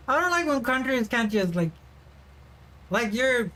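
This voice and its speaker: A woman's voice: a little high, big pitch swings, slow pace, long pauses, fairly bright tone. Giggly, rambling woman streamer from Sweden. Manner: rambling, giggly, swears freely. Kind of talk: casual livestream chat.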